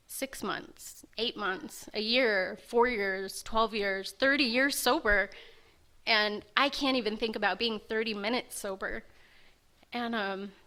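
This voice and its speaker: A woman's voice: on the high side, sharp tone. A woman candidly sharing her personal recovery story in a self-mocking, storytelling way.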